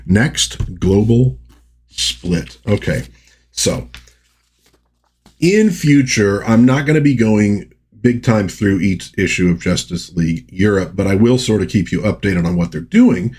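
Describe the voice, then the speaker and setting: Man, low husky voice, casual comic review, chatty, dry wry asides. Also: lively intonation, measured pace, darkish tone. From United States.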